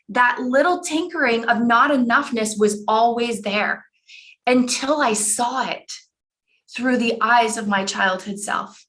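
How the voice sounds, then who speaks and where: A woman's voice: on the high side, a bit bright. A woman in her forties, a life coach telling a personal story in an earnest way and repeating phrases for emphasis, over a computer mic on an online call.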